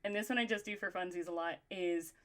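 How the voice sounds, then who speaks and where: A woman's voice: fairly low pitch, fairly even intonation, fast, a bit bright. A young woman from Texas hosting a stream, giggly and chatty with many fillers. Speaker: streamer host. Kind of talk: casual stream chat.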